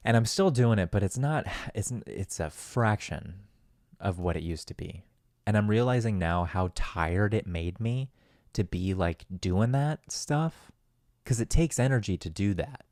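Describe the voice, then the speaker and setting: A man's voice: fairly low pitch, darkish tone, no echo, clean studio sound. A man hosting a solo podcast, talking in a loose, rambling, profane and self-deprecating way. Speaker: podcast host. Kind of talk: casual solo podcast monologue.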